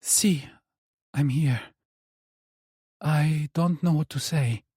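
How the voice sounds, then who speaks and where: A man reads as a cool, distant middle-aged mother, her voice lifted higher than his own. She speaks curtly and with detachment, a thriller audiobook part in a dry, close recording. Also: extremely slow, warm tone, slightly rough, dry recording, full character voice. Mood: hesitant.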